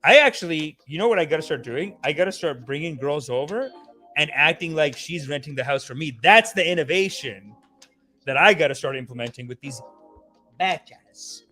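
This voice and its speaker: A young man hosting a comedy podcast, riffing in a profane, animated way. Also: on the high side, moderate pace, faint music behind. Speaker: podcast host.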